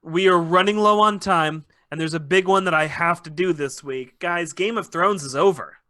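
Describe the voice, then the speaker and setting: A man hosting a podcast, recapping a show in a casual, profane, animated way and slipping into quick mock voices. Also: a little high, dry recording, clean studio sound. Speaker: podcast host.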